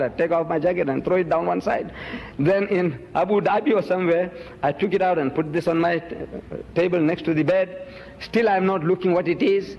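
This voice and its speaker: Emphatic high-voiced man lecturing. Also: in a large hall, muffled recording. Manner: emphatic, accusing, swings pitch up sharply on key words. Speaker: Muslim preacher and debater. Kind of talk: public lecture to an audience.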